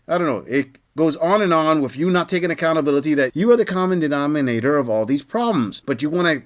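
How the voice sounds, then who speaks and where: A man's voice: a little high, very animated, fast talker, few pauses. A man hosting a reaction commentary, sarcastic, blunt and lecturing. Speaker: commentary channel host.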